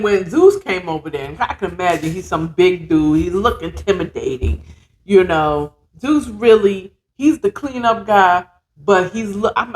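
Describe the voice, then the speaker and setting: Woman, podcast host, casual storytelling, chatty, digressive, lots of asides. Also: mid-range voice.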